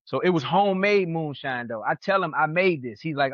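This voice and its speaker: Guy from new york spinning wild stories on a podcast, kinda high voice, dry muffled mic. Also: quick pace, no echo. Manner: animated, acts out other people's lines in his stories. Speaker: podcast host. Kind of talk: casual storytelling chat. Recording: dull lo-fi sound.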